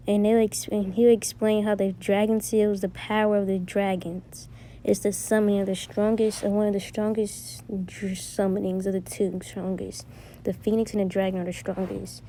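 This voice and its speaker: Mellow-voiced woman improvising a fan story. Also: medium pitch, flat delivery, moderate pace, a little hiss or hum. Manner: rambling, with frequent restarts.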